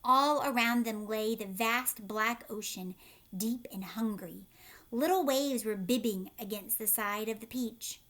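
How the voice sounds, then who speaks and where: A woman's voice: fairly high pitch, a little slow, a bit bright. A woman reading a children's book aloud as a teacher, narrating expressively, asking her listeners questions and often dropping to a whisper.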